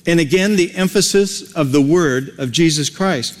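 A man's voice: fairly high pitch, normal speed, few pauses. Folksy preaching man in a reverberant hall. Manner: folksy, conversational preaching with homely examples. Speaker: pastor. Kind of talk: sermon.

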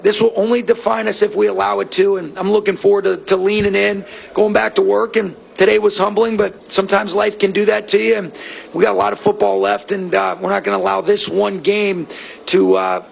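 Man for a press conference clip, measured and halting, heavy vocal fry, faint noise behind. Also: high voice, flat delivery. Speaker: football coach or player at press conference. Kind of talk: post-game press conference.

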